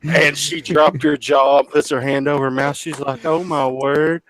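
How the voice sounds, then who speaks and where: A man's voice: mid-range voice, flat delivery, normal speed, a loud crowd. A man guest on a podcast, casually telling a hospital story, swearing freely, joking at his own expense and stumbling over restarts. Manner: profane, self-mocking, stammers on restarts.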